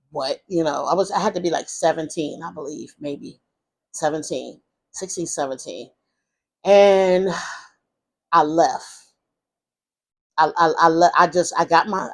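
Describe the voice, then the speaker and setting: An animated woman tells a story from her past straight to the camera. She rambles and restarts often, and her pitch leaps up whenever she acts out what other people said. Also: slightly rough. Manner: animated retelling, acting out quoted voices in a high pitch; rambling with many fillers and restarts. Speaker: vlogger telling her life story. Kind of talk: casual storytime monologue.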